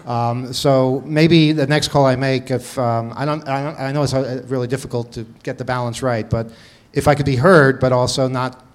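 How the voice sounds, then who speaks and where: Brief: male podcast host, mid-pitched, casual and rambling, self-deprecating, trips over his words. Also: steady tone, normal speed. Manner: rambling, laughs at himself, many restarts. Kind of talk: casual chat.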